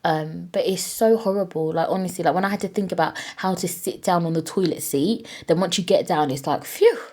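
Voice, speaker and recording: A woman's voice: fairly low pitch, fairly quick, mellow. A woman hosting her own podcast, talking in a candid, casual way with plenty of swearing and fillers. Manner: candid, chatty, swears freely, many fillers. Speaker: podcast host. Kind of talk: casual solo podcast chat. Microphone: own podcast microphone.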